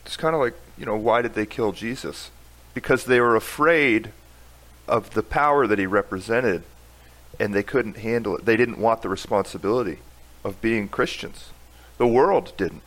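Male co-host, lowish voice, earnest and plain-spoken. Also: normal speed, fairly bright tone, low-quality recording.

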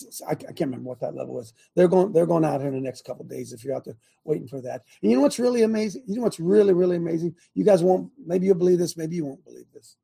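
A fired-up man hosts his own political talk show, firing the same rhetorical questions at his viewers. His voice is high for a man and gravelly, with a mellow, husky tone. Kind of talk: animated political commentary to viewers.

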